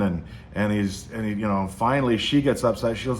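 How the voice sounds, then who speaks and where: A man's voice: on the low side, fairly quick, few pauses, slight background noise. A man hosting a casual motivational monologue, rambling with frequent restarts. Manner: rambling, with many restarts and fillers. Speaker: host.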